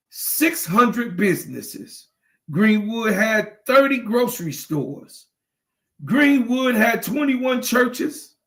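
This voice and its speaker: Host, man, high voice, slow delivery, impassioned and repetitive, close to tears. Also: fairly bright tone. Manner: preachy, repetitive, emphatic; emotional, near tears. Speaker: channel host. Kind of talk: impassioned livestream talk.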